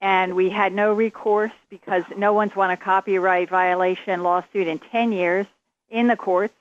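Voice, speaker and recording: A woman's voice: medium pitch, steady tone, moderate pace. A woman speaking firmly and emphatically as a psychic guest in a radio interview. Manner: firm and emphatic. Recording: dry, muffled radio sound.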